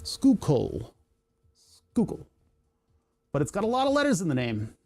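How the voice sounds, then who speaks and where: Talking very fast, this Pennsylvania streamer rambles through casual chat at the computer, jumping between tangents and interrupting themself. The voice sounds mellow and dark, held at an even, middling pitch.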